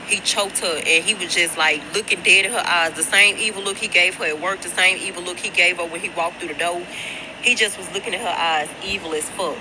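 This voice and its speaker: Her voice is fairly low and her pace fairly quick, with a noisy background. The young woman is on a work break, recording a casual storytime on her phone that rambles and swears, and she keeps speaking to viewers as y'all.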